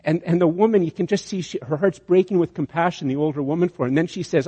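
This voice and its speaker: A man's voice: fairly high pitch, quick pace, few pauses, dark tone, breathy edge. A man preaching a sermon, telling a long illustration with many restarts and building to emphatic peaks. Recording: dull sound with long hall reverb.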